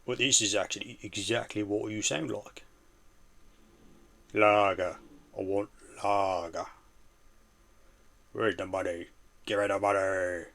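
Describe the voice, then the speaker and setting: A man voicing a rowdy London bloke demanding lager and money with loud, mock-threatening banter. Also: on the low side, steady tone, slow, gravelly, pauses often, full character voice.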